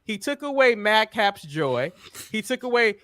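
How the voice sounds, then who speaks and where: A man co-hosting a wrestling podcast in casual, animated chat with laughing banter and an American accent. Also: high voice, unhurried, no room sound, studio quality. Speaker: podcast co-host.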